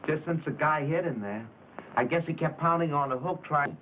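In a tinny old film soundtrack full of hiss, an actor plays a gossipy young hotel bellhop. His natural voice sits fairly high and moves at normal speed, packed with slang as he eagerly tells what he saw.

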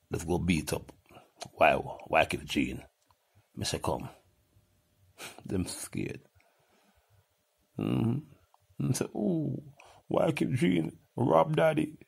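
A deep-voiced older man with a Jamaican accent, his voice husky and full of fry. He rants and swears in a heated, animated way, jumping from one topic to the next. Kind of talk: heated profane rant.

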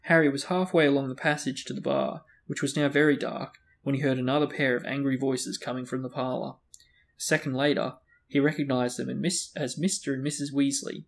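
A man's voice: mid-range voice, fairly quick, creaky. Man reading a novel aloud. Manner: relaxed reading, stops for slips. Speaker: book reader and discussion host.

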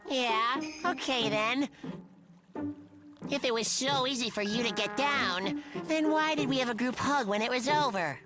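A woman's voice: on the high side, a little slow, close to an everyday voice. A woman playing a playful, cheeky cartoon animal who talks in a teasing, giggly way in a cartoon dub with music behind. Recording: studio dub over music.

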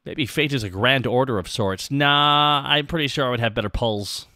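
A man's voice: mid-range voice, moderate pace, hardly any pauses, sharp tone, no echo, clean studio sound. A man streaming as a VTuber in casual chat, joking goofily at his own expense and answering his chat. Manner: goofy, self-mocking, reads out chat.

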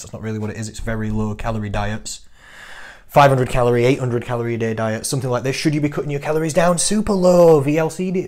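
A man, a fitness coach giving an energetic, teasing talk to camera full of rhetorical questions. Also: medium pitch.

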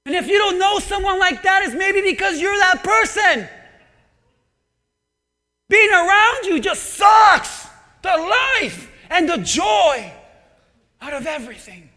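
High-voiced preacher in a reverberant church. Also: male voice, takes it slowly, pauses often. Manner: animated, conversational, swings between loud and quiet. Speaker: pastor. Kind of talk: sermon. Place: church sanctuary. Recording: long church hall reverb.

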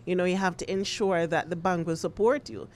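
A woman's voice: on the low side, steady tone, fairly quick, slight background noise. A woman hosting a radio interview, talking conversationally with frequent "you know" fillers. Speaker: radio show host.

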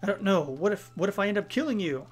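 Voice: mid-range voice, expressive, fast, soft background music, natural voice. A let's-play player reading the lines of an anguished young female police officer aloud, in a pleading, distraught way. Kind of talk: reading game dialogue aloud.

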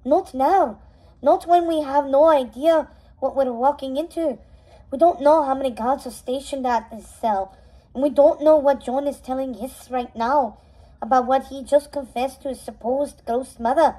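A woman's voice: high voice, moderate pace, mellow, natural voice, rough recording. A woman voicing a solemn, cautious hen who serves as a lady's attendant, read aloud from a storybook. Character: solemn, sensible female chicken attendant. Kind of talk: storybook readaloud.

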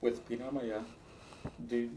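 A man's voice: mid-range voice, flat delivery, measured pace. Distant man asking a teacher questions. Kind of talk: classroom question. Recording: distant room mic with noise.

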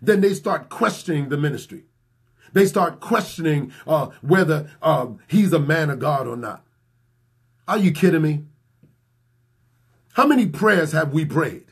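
A man preaching as a pastor, building his points with repeated lines and slowing down to stress them. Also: fairly high pitch, expressive, vocal fry, husky. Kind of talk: sermon.

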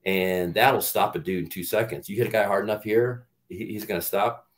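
A middle-aged man, a guest on an interview show, telling rambling, profane stories and acting out what others said. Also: brisk. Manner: animated storyteller, acts out quotes in a louder, higher voice. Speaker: guest, actor and former football player. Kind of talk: storytelling in an interview.

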